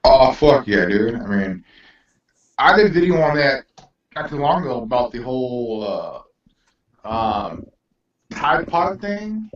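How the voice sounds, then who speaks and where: A man's voice: medium pitch, very animated, measured pace, pauses often, slight background noise. A man telling stories in casual, crude chat, rambling and restarting his words, swearing freely. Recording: echoey room, distant from mic, dull lo-fi sound.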